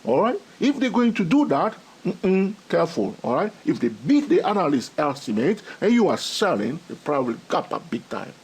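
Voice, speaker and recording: Animated husky man teaching trading. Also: on the high side, moderate pace, few pauses. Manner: repeats "all right?" and "okay?" constantly, laughs often; animated, gets excited about his subject. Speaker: trading educator. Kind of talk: excitable teaching monologue.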